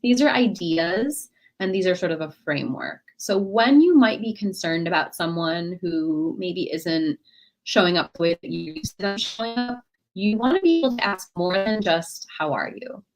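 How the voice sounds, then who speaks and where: A woman's voice: lowish voice, moderate pace. Conversational woman leading a workshop. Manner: conversational, often checks in with "right?" and "you know"; lively, acts out example dialogues in other voices. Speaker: workshop presenter, clinical social worker. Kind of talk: online workshop talk.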